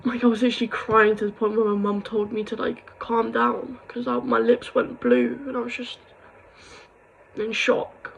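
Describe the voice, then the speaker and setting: A woman's voice: on the high side, level tone, normal speed, creaky, lo-fi sound, slight background noise. A young woman talks in an emotional confessional vlog, rambling and heartfelt, and at times bursts into angry rants. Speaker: vlogger.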